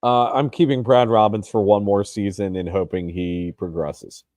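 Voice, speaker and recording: A man's voice: on the low side, fairly even intonation, normal speed, a little mellow, dry recording. A man co-hosting a sports podcast, chatting casually and hesitantly, with plenty of restarts and ums. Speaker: podcast co-host.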